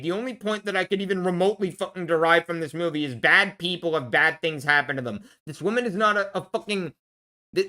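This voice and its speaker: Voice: mid-range voice, pushed and bright. A vlogger ranting in a casual film review, angry and blunt, swearing heavily and restarting when worked up.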